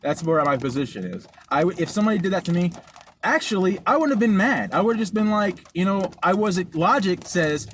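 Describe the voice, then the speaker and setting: A young man co-hosting a podcast, telling a story in a casual, animated and profane way. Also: high-pitched, a little fast. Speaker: podcast co-host. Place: car during a delivery drive. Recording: loud road and ambient noise.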